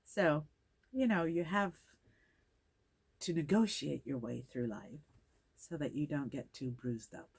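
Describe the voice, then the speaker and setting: Older woman, Caribbean British accent, very low voice; measured, reflective interview guest who acts out quotes. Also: creaky, darkish tone, husky. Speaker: guest actress.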